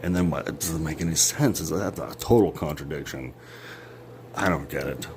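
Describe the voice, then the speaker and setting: Speaking at a moderate pace in a rumbling low, darkish voice, this man vlogs with a bit of hiss or hum on the recording. He rambles sarcastically at his phone or camera, cursing heavily and cutting into abrupt bursts of laughter as the rant jumps around.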